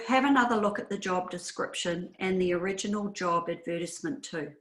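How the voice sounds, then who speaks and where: A woman with an Australian accent, a career adviser narrating a slide show in a clear, measured advisory manner. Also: mid-range voice, reverberant, rough recording.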